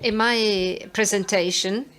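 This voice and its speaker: A woman interpreting a conference talk, halting and hesitant, with many filler sounds between words. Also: mid-range voice, steady tone, fairly bright tone.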